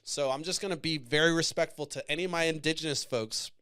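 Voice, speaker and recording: A man's voice: fairly high pitch, fast, sharp tone, smooth. A man hosting a podcast, talking in passionate, profane, emotional casual commentary that wanders and restarts. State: choked up. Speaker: podcast host.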